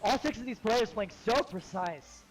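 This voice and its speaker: A young man giving relaxed, jokey color commentary and analysis on an esports match. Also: sits high, moderate pace, rough recording.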